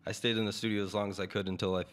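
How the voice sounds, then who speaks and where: A man's voice: on the low side, flat delivery, racing, a bit bright. A young man, a musician guest, chatting in a laid-back, slangy way and laughing easily. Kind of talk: casual interview chat.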